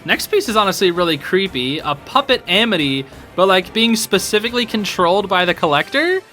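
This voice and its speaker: A young man excitedly commenting on fan art in casual chat, often saying dude and laughing. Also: high-pitched, fairly quick. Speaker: host reviewing fan art. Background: soft background music.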